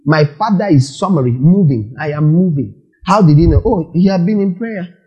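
Man, pastor, sermon, questioning the crowd, warm tone. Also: a little high, moderate pace, lo-fi sound. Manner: lively preaching with questions and acted-out quotes.

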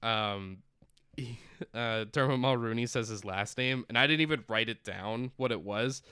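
A man's voice: mid-range voice, moderate pace, bright, forceful tone, smooth, no room sound, studio quality. A man chatting casually as a podcast co-host, rambling through a film's plot with lots of fillers and acted-out quotes. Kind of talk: casual chat recapping a film.

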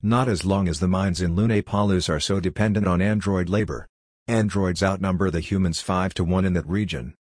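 A man voicing a hostile, scornful old male senator who talks bluntly in a dry, husky voice. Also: deep voice, fairly even intonation, normal speed, a little mellow, no room sound. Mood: resolute. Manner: blunt, dismissive.

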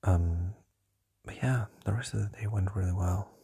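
A young man whispering softly into a close mic while lying down at night, a hesitant podcast diary full of fillers. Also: low voice, normal speed, vocal fry, breathy edge. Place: lying down in a shared home at night.

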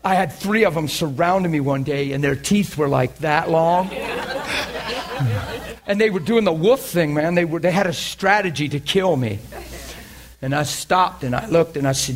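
A man preaching, telling a personal story with animated energy and frequent laughter. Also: fairly high pitch, normal speed. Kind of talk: sermon storytelling.

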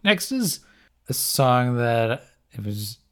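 A man's voice: medium pitch, sing-song, takes it slowly. A man hosting a podcast, chatting casually about music picks with frequent laughs and trailing fillers. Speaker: podcast host.

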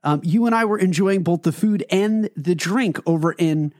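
Excitable man, dry close sound. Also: sits high, normal speed, no room sound. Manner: excitable, enthusiastic. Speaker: podcast co-host. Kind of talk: casual chat.

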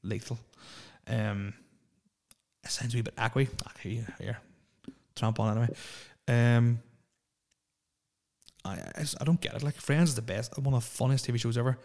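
Guy in his 30s ranting on his own podcast, swears a lot, pretty monotone. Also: mid-range voice, moderate pace, long pauses. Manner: profane, opinionated rambling. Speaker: podcast host. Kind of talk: solo podcast rant.

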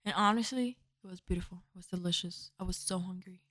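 A woman's voice: on the low side, fast talker, fairly bright tone. A woman co-hosting a casual podcast, playful and laughing as she rambles through anecdotes. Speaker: podcast co-host.

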